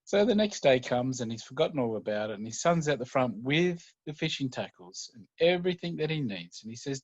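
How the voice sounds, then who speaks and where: A man's voice: mid-range voice, big pitch swings, no echo, muffled recording. Man telling a story. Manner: conversational, unhurried, with fillers. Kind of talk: oral storytelling.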